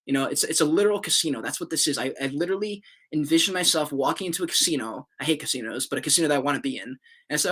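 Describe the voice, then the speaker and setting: A man in a studio, talking fast in a loose, rambling vlog rant. His voice sits a bit high and sounds bright and forceful, and he swears casually and restarts his sentences as he goes. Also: expressive, husky. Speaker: crypto and NFT YouTuber.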